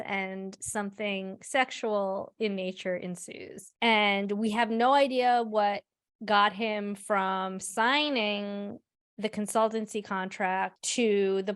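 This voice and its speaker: A woman co-hosting a podcast walks through a TV episode in loose, blunt chat, dropping swear words as she goes. Her voice sits at an everyday female pitch. The recording is close and dry, with no room sound. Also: a bit bright, no echo. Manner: blunt, swears freely while recapping. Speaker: podcast co-host. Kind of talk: casual podcast recap.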